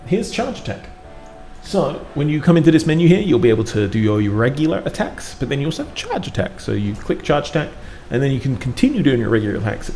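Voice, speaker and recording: A man's voice: medium pitch, a little mellow. A British man casually hosting a gameplay livestream, chatty and joking with self-deprecating asides. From United Kingdom. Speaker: community manager and stream host. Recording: roomy sound with faint music.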